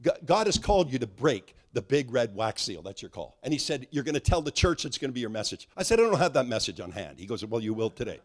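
Middle-aged guy preaching, tells a story and acts out the voices, pitch all over the place. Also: fast talker, hardly any pauses. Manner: animated, acts out dialogue, restarts often. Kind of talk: sermon storytelling.

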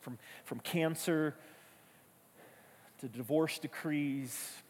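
This pastor preaches extremely slowly in a slightly rough voice that sits on the high side, with a long reverb tail. His sermon is conversational and emphatic, built on storytelling and repeated key phrases.

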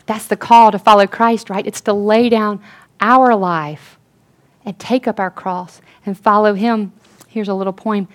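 A woman's voice: medium pitch, fairly even intonation, measured pace. Earnest woman telling a testimony. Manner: storytelling, drops to a hush for quoted lines. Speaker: speaker at a Christian gathering.

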